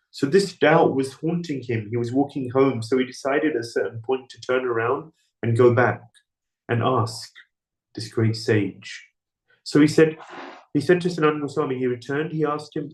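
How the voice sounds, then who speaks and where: A man giving a scripture class, telling a story in sermon style and acting out the characters' lines. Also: moderate pace. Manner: storytelling, acting out dialogue with raised pitch. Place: temple hall. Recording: echoey room.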